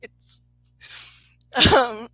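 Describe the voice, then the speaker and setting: A woman psychic medium chats through a live reading in a casual, rambling way. Her voice is bright and forward, and she laughs easily and swears without a second thought. The sound is dry and close. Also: drawn-out words, no echo, low-quality recording. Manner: chatty, laughs often, swears freely. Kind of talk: casual livestream storytelling.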